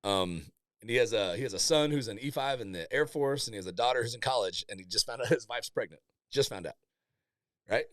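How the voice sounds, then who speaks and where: A man's voice: mid-range voice, animated, fairly quick, a bit bright, dry recording, clean studio sound. A man in his forties, a Navy master chief, telling blunt, profane stories in a casual podcast chat and laughing often. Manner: candid storytelling, swears freely, laughs often.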